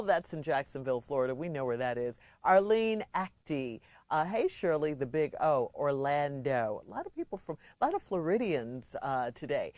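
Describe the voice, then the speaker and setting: A middle-aged woman from Chicago hosts a radio advice segment in a fairly low voice. She chats playfully and reads listener letters in an easygoing way. The studio sound is close and dry. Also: very animated, moderate pace, hardly any pauses, a little mellow, no echo. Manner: chatty, laughing, playful asides. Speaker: radio co-host giving advice. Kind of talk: casual radio chat, reading listener shout-outs and a letter. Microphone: studio microphone.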